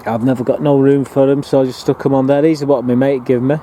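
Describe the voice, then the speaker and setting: Bloke rambling on a garden tour, deep mellow tone, bit of outdoor town noise. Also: male voice, flat delivery, fast talker. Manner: chatty, rambling, with fillers and restarts. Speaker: allotment gardener giving a plot tour. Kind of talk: casual walking tour narration.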